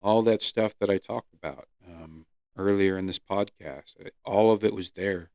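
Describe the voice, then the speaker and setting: A man hosting his own podcast, earnestly telling his personal recovery story with pauses and fillers. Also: low voice, darkish tone, no room sound, clean studio sound. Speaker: podcast host. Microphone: close podcast mic.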